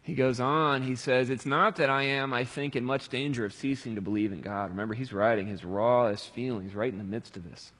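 A man with a husky, slightly breathy voice delivers a sermon, rising to loud pleading cries and sinking to hushed, reflective passages. His words ring out with a long reverb, as in a large hall. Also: mid-range voice, fairly quick, hardly any pauses. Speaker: pastor.

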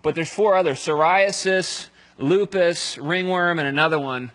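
A male pastor giving a conversational sermon, telling the story aloud and dropping to a hush at solemn moments. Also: fairly high pitch, measured pace, poor audio.

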